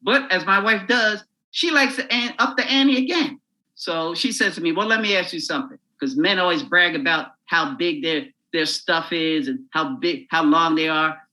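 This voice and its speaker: A man, a comedian, telling a crude, animated story while chatting as a podcast guest. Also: a little high, moderate pace, low-quality recording.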